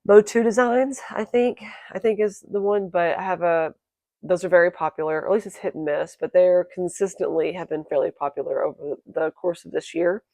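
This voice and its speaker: A woman crochet vlogger chatting casually to her viewers, quick and self-correcting, her voice croaky today. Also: fairly low pitch, mellow, dry recording. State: croaky, clearing throat. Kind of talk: casual chat to camera.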